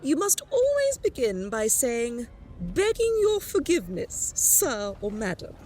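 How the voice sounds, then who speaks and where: A woman's voice: a little high, huge pitch swings, measured pace, a little mellow. An actress playing a condescending aristocratic lady in a video game, patronizing and sing-song. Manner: patronizing, sing-song, calls people darling.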